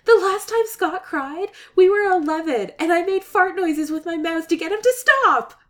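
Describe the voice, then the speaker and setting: A woman voicing an excitable, babbling young woman who panics and snaps back loudly in a read-aloud story. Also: extremely high pitch, pitched above the performer's own voice. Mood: flustered. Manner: rapid flustered babble, loud outbursts.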